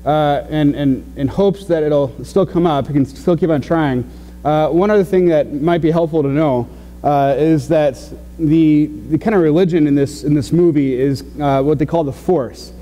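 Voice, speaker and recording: A fairly high-voiced man preaching in a warm, mellow tone, talking loosely and stumbling over his words with plenty of "uh"s. His voice rings out in a church sanctuary with a long reverb tail. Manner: conversational, halting with many fillers and restarts. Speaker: pastor. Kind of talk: sermon.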